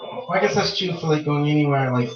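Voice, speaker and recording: A man's voice: a little high, lively intonation, fast. A man co-hosting a podcast, speaking casually and hesitantly, with many fillers. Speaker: podcast co-host. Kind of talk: casual chat. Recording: echoey room, distant mic, dull lo-fi sound.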